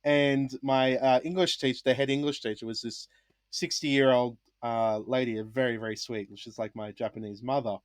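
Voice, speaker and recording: A man's voice: medium pitch, moderate pace, no room sound, studio quality. A young man from Australia, a former English teacher, telling a story in a casual podcast chat and acting out the lines of the people in it. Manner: animated, acts out past dialogue.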